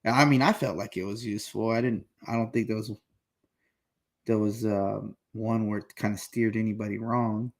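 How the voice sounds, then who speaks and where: A man's voice: on the low side, steady tone, moderate pace. A man co-hosting a casual fishing podcast, laid-back and agreeable. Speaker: podcast co-host. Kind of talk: casual chat.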